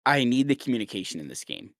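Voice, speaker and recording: A man's voice: mid-range voice, very animated, quick pace, fairly bright tone, no echo, clean studio sound. A man co-hosting a casual podcast, talking in a rambling, blunt way with lots of fillers. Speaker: podcast co-host. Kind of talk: casual chat.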